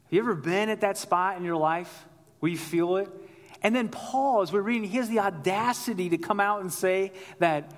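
High-voiced pastor preaching in a hall. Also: male voice, moderate pace. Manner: conversational storytelling, calls out to the congregation. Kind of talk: sermon.

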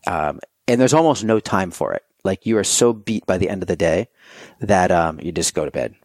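A man's voice: deep voice, animated, moderate pace, darkish tone, no room sound. A man, a podcast guest, talking casually and telling stories with animation, acting out his own quoted thoughts. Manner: loose and conversational, many fillers. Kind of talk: casual conversation.

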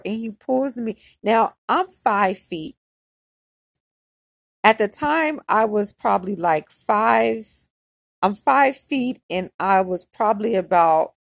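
A woman's voice: mid-range voice, creaky, no echo. A woman telling a personal story on her podcast in a candid, conversational way, with lots of "like". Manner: candid and conversational, heavy use of "like".

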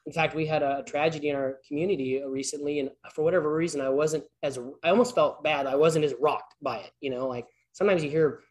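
A man's voice: on the high side, a little mellow. Rambling man giving a casual sermon. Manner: rambling, conversational, many restarts. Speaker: guest speaker at church, PE teacher. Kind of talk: informal sermon with storytelling.

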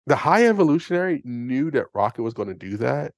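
A man co-hosting a podcast, chatting casually and excitedly about a movie, rambling and acting out lines. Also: mid-range voice, quick pace, no echo. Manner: excitable, rambling, acts out quotes. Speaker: podcast co-host. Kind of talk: casual movie review chat.

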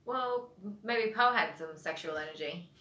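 A woman co-hosting a podcast in relaxed, chatty conversation. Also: fairly low pitch, measured pace, a crowd in the background. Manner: relaxed, chatty, uses "I reckon" and "like". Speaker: podcast co-host. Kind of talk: casual chat. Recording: echoey room.

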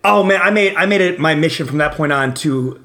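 A man telling animated, swear-heavy stories in a casual chat. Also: fairly high pitch, a little fast. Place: New York.

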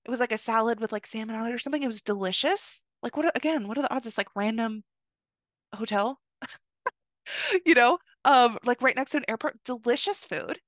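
A woman's voice: fairly high pitch, brisk, no room sound, clean studio sound. A young woman hosting a podcast, chatting casually through a story and filling her talk with "like" as she quotes the people in it. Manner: chatty, lots of "like", quotes people in lively voices. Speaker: podcast host.

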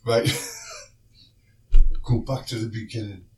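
A man's voice: lowish voice, wildly swooping pitch, drawn-out words, darkish tone. Laughing, teasing South London man. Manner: jokey and teasing, laughs often. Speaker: podcast co-host, radio presenter. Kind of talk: casual chat. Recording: roomy, distant mic, faint noise.

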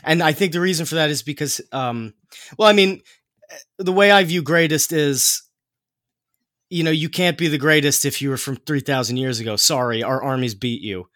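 A man's voice: on the high side, moderate pace, a bit bright, dry recording, studio quality. A man hosting a podcast, explaining history in casual chat, with many fillers and restarts.

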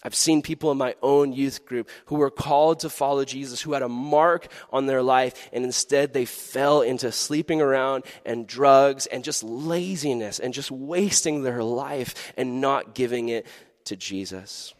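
A man giving a youth sermon in a lively, animated way, acting out quoted voices. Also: medium pitch, unhurried. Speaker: youth pastor. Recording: long hall reverb.

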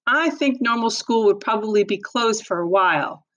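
A woman's voice: fairly high pitch, expressive, moderate pace, fairly bright tone. Woman reading as a strict, sensible father. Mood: firm.

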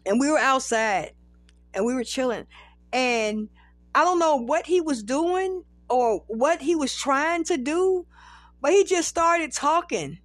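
A woman's voice: high voice, animated, takes it slowly, no room sound. A woman in her thirties hosting a podcast, telling a rambling, profane story in casual chat. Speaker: podcast host.

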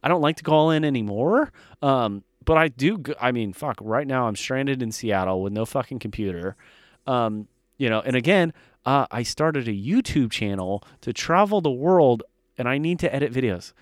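A man's voice: medium pitch, animated, normal speed, dry recording, clean studio sound. A man in his thirties co-hosting a podcast, telling stories in a blunt, profane, fired-up way. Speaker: podcast co-host. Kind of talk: casual podcast chat.

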